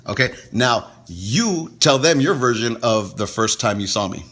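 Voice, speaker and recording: A man's voice: mid-range voice, measured pace, husky. A man co-hosting a podcast, telling stories in casual, profane, laughing chat. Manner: profane, laughing, animated storyteller. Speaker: podcast co-host.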